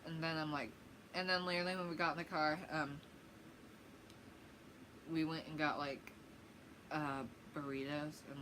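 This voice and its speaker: A young woman with a slightly low voice tells a rambling story-time vlog, full of "um"s, "like"s and little giggles. A faint hiss sits under the recording. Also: little pitch movement, normal speed, long pauses. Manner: rambling, giggly, lots of fillers. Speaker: vlogger.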